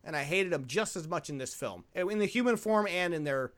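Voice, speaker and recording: A man hosting a podcast, reviewing a movie in casual chat, animated and joking with some swearing. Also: sits high, brisk. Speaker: podcast host.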